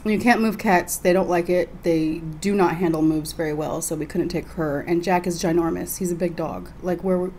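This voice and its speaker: A woman's voice: on the low side, steady tone, moderate pace, hardly any pauses, darkish tone. Texan woman in her 30s, casual vlogger, chatty and profane, light noise behind. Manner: chatty, laughing, swearing, eating while talking. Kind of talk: casual storytelling vlog. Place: hotel room.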